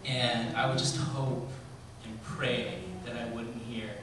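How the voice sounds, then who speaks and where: A man in his forties giving a eulogy, telling stories about his father in a halting way with many ums. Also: mid-range voice, little pitch movement, background noise. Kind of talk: eulogy told as personal stories. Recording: very echoey hall, voice from far off, faint ambience.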